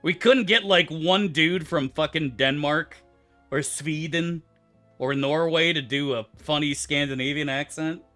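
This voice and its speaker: A man's voice: fairly high pitch, a little slow, pushed and bright, faint music behind. A man streaming a game, answering his chat in loose, profane, rambling banter. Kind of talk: casual livestream chat, answering chat.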